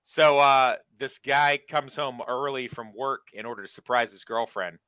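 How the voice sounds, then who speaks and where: A man's voice: mid-range voice, moderate pace, clear, resonant tone, no room sound. A man telling jokes on a casual stream, acting out the characters' lines as he goes. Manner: animated storyteller, acts out characters' lines.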